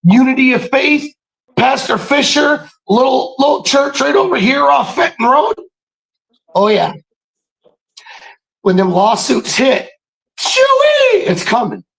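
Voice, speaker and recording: A man telling stories in a casual monologue, animated and preachy, swearing freely and often breaking into shouts. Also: very high voice, a little slow, gravelly, pauses often, poor audio. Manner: profane, streetwise slang. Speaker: podcast speaker.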